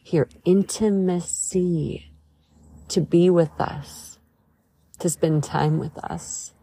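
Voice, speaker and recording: A woman's voice: lowish voice, drawn-out words, dark tone, husky. A woman hosting a devotional podcast, talking to listeners in an earnest, emphatic, conversational way. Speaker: podcast host.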